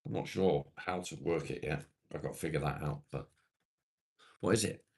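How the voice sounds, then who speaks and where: Low-voiced middle-aged man chatting. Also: moderate pace, creaky. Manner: relaxed, chatty, reassuring with viewers. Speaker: live stream host. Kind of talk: casual live stream chat with viewers.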